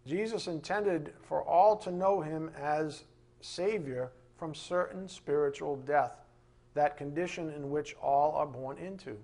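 Emphatic preacher with a high, lively voice. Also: male voice, measured pace. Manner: emphatic, rhetorical questions, animated. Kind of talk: sermon.

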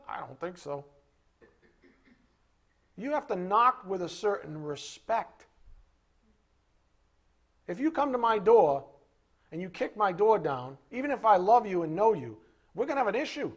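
A man giving a sermon as a Bible teacher, animated, asking rhetorical questions and acting out little scenes. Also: high voice, normal speed, long pauses.

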